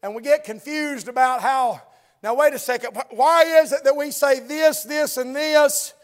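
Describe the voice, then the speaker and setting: A man's voice: very high-pitched, normal speed. A man preaching a sermon in church, building with repeated phrases and asides to the congregation.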